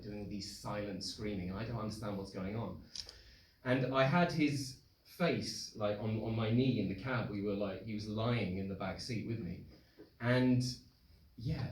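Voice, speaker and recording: A young man telling a true story live on stage, animated, acting out the voices of the people in it. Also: on the low side. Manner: animated, acts out voices in quotes. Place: live event hall with audience. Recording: roomy live hall, distant mic, noisy.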